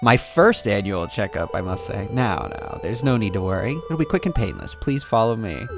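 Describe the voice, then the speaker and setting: Man doing an earnest small-town doctor from a farm game, formal and polite, with a lively lilt. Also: on the low side, normal speed, gravelly, music in the background. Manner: formal, polite bedside manner. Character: earnest, fussy young male town doctor.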